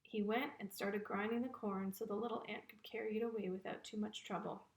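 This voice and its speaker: A woman storyteller narrating a children's folk tale in a lively storytelling manner. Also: medium pitch, a little fast. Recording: roomy echo.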